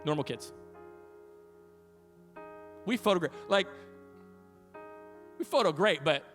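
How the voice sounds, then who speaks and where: A man's voice: on the high side, slow, soft background music. A pastor in his thirties preaching a sermon, telling family stories with a voice that carries and acting out quotes. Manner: storytelling with laughs, animated quotes. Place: church sanctuary.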